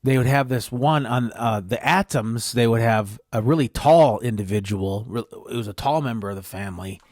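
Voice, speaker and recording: A man's voice: mid-range voice, normal speed, a little mellow, dry recording, studio quality. Rambling man telling a tale. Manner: rambling, often correcting himself. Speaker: podcast host. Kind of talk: improvised podcast storytelling.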